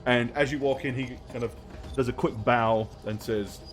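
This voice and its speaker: A man narrating a tabletop role-playing game as game master, describing scenes slowly with many fillers. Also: mid-range voice, fairly even intonation, soft background music.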